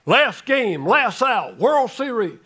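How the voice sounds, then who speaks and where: An older man preaching a sermon, telling a story dramatically and swinging from loud calls to hushed words. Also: very high-pitched, sing-song, slow, husky. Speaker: guest preacher.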